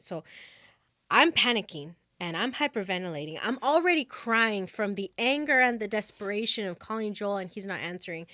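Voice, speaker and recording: Animated woman telling a dramatic story. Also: medium pitch, normal speed, no room sound. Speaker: podcast host. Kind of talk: casual storytelling.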